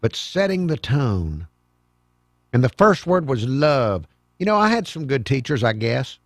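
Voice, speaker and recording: A man's voice: mid-range voice, sing-song, unhurried, no echo, clean studio sound. An older man hosting a call-in radio talk show, with wry, sarcastic asides.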